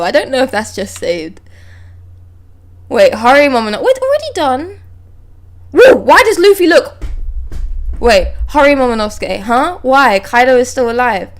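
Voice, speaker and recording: Reading manga dialogue aloud during a live stream, a young woman keeps pausing to curse and let out excited reactions. Her voice is a little high.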